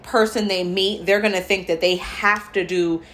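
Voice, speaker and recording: Thirties mom co-hosting a casual chat; loose, rambling delivery, mid-range voice. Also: female voice, medium pitch, fairly even intonation, moderate pace, fairly bright tone. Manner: rambling, heavy use of "like", acts out quoted voices.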